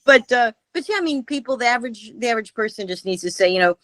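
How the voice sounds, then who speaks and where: A woman guest joins a radio interview by remote call, speaking fast with lively intonation in a slightly high, somewhat bright voice. Her political commentary is impassioned and full of emphatic rhetorical questions, with no room sound.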